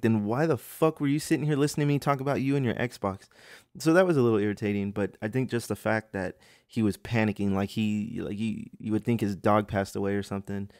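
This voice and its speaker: A man's voice: fairly low pitch, a little mellow, smooth, no echo, clean studio sound. A man hosting a podcast, telling customer stories in a profane, exasperated, rambling way. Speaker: podcast host. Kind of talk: casual storytelling rant.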